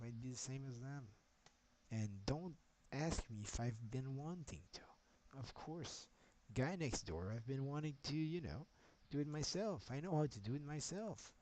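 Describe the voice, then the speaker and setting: A man's voice: mid-range voice, background noise. Rambling, agitated man streaming live.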